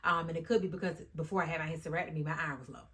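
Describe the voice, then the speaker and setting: A woman vlogger talking casually to the camera in a chatty, animated way, often addressing her viewers directly. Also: sits low, very fast. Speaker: YouTube vlogger.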